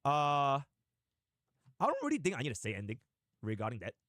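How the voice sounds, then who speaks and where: A male live streamer chats to his audience in an animated, rambling way. His pitch swings widely from line to line, and he breaks into sudden fast bursts. The sound is dry and close. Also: no room sound. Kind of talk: casual live-stream chat.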